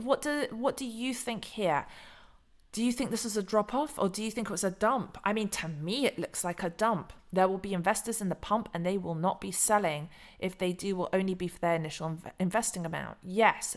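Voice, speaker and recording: Woman host, casual livestream talk, frank and easily excited, mid-range voice. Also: medium pitch, normal speed. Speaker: crypto channel host.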